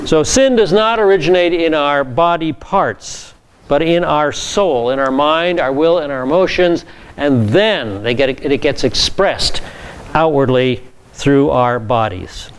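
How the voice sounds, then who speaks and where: A male pastor teaching a Bible class, reading scripture and explaining it with lively asides. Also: fairly high pitch, unhurried, slight background noise.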